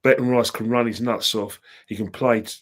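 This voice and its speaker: A man's voice: mid-range voice, fairly even intonation, moderate pace. A middle-aged man co-hosting a fan talk show, making his points in an emphatic, insistent way. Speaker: co-host.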